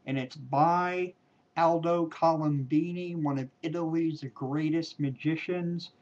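A man's voice: on the high side, steady tone, a little mellow. A man performing a card trick on camera, talking casually and playfully, joking as he goes, on a dull, lo-fi home video. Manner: playful, jokey, drawn-out emphatic words. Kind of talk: casual talk to camera while doing a card routine.

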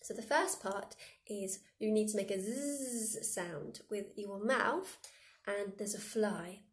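An English music teacher guides children through a silly vocal warm-up, playfully demonstrating buzzing, lip rolls, and odd noises while explaining each step. She speaks slowly at a medium pitch.

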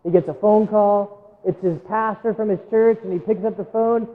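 Male pastor, sermon, storytelling with acted-out quotes, high voice, echoing sanctuary, tinny phone-like sound. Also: steady tone, moderate pace. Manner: storytelling, acting out quotes, direct appeals to the congregation. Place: church sanctuary.

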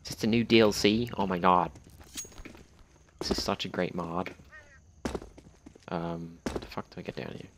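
A young Australian man joking and swearing through casual gameplay commentary, with sudden loud outbursts. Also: deep voice, normal speed, long pauses. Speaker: gaming channel host. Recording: loud game gunfire and noise behind.

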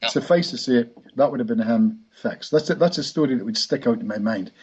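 A man's voice: medium pitch, lively intonation, brisk, a little mellow. A man, a hypnotist guest telling rambling anecdotes in a podcast interview. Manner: rambling anecdotal, frequent restarts. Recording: dull lo-fi recording.

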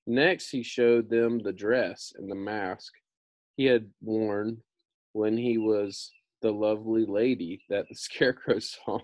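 A man's voice: on the low side, fairly even intonation, slow, darkish tone, no room sound. A man reading a children's book aloud, breaking off for casual slangy asides. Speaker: storybook reader.

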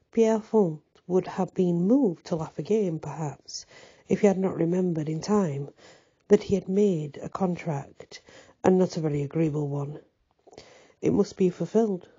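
A woman narrates a story aloud at an unhurried, measured pace. Her voice is somewhat low, very dark and mellow, with a husky edge. The recording sounds dull and lo-fi. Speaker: narrator reading a novel aloud.

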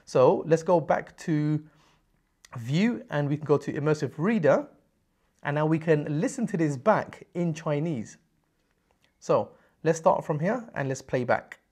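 Man, software tutorial presenter, upbeat, step by step, husky, higher pitch. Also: expressive, a little slow. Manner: upbeat, explains step by step, frequent "okay?". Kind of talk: screen-recorded software tutorial.

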